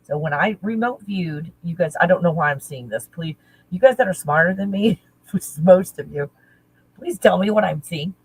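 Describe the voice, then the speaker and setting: A woman talking casually as a spiritual teacher, halting and searching, correcting herself often. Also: on the low side, animated, slightly rough, low-quality recording. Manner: halting, searching, self-correcting with nervous laughs. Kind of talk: casual channeling talk.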